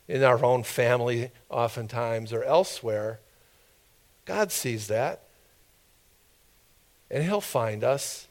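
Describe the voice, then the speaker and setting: A man preaches to his congregation in an easygoing, conversational style. His voice sits at an ordinary middle pitch, and he breaks off now and then for quick asides and questions to the people in front of him. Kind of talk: conversational sermon.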